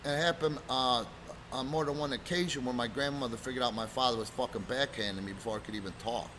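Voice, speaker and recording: A man casually telling rough road stories from his wrestling days, swearing freely and loudly acting out what people said. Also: medium pitch, fast, a little hiss or hum. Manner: profane, animated, acts out quotes loudly. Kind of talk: casual storytelling chat.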